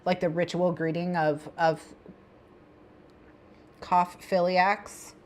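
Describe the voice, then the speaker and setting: A woman's voice: lowish voice, level tone, slow pace. A woman hosting a co-working stream, chatting with viewers and her cat, giggling and repeating herself. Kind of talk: casual stream chat.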